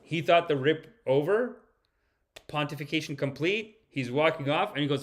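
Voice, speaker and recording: A man's voice: on the high side, normal speed. A man hosting a podcast, reacting to clips in a casual, joking, profane way. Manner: joking, profane, laughing often. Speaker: podcast host.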